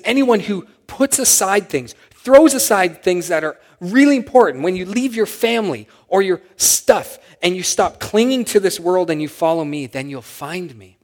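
A man preaching a sermon as pastor, animated, rising to loud acted-out shouts when quoting. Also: a little high, long reverb tail. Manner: animated, acts out shouted quotes with sudden loud rises.

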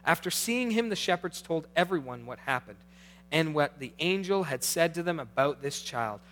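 A middle-aged man preaching a sermon as pastor, swinging between hushed, intimate passages and animated, rising ones. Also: a little high, normal speed.

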